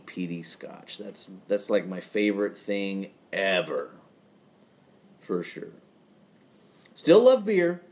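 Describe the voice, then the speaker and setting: Relaxed and rambling, a low-voiced man talks casually on his own live stream at night from his home garage, with chuckles in his asides.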